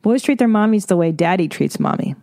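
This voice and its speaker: A woman's voice: lowish voice, expressive, brisk, gravelly, warm tone, no echo, clean studio sound. A woman hosting her own podcast, ranting casually in a blunt, profane way. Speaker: podcast host. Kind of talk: solo podcast rant. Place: home recording studio.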